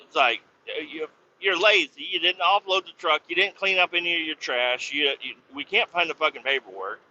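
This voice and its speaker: Guy venting about work, swears a ton, real bright sharp voice, kinda lo-fi. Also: fairly high pitch, moderate pace. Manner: profane, rambling rant. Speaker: podcast host. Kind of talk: casual storytelling. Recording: slightly dull lo-fi sound with faint noise.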